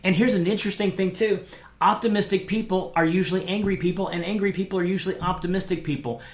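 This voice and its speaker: A lively man teaching a small-group Bible lesson, his voice sitting a little high for a man. He talks casually and bursts into acted-out quotes. The sound rings in a roomy, echoey space. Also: quick pace. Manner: animated, acts out quotes, conversational fillers. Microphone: microphone, streamed to viewers.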